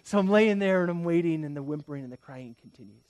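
Animated and quick, a pastor in his thirties preaches in a high-leaning voice, telling stories and talking right to his congregation. His volume ranges from emphatic loudness to a near-whisper, captured in a dry recording.

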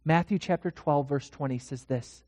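A pastor delivering a dramatic sermon in a church, swinging from hushed to loud. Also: medium pitch, moderate pace, dry recording, in a large hall.

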